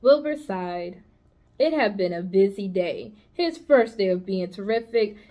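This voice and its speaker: A woman's voice: medium pitch, expressive, a little slow, dark tone. A woman from the United States, a school psychologist, reading a children's novel aloud expressively, with small slips and restarts. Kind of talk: children's book read-aloud.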